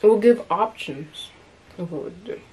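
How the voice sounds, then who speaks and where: A woman's voice: medium pitch, animated, mellow. Playful young woman host. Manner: playful, joking, quick to laugh. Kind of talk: casual chat. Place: home, indoors. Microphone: phone camera.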